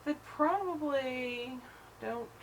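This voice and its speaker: A woman's voice: high voice, takes it slowly, slight background noise, rough recording. A woman in a casual chat at home, teasing and blunt.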